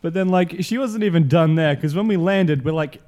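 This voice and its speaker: A man's voice: a little high, normal speed, a little mellow. Chatty man telling a story. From Australia. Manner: laughing storyteller, many fillers. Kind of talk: casual podcast chat.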